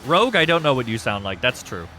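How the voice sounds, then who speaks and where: A man hosting a live stream, chatting casually and excitably with viewers, joking and swearing freely. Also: mid-range voice, quick pace. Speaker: streamer hosting a wrestling show.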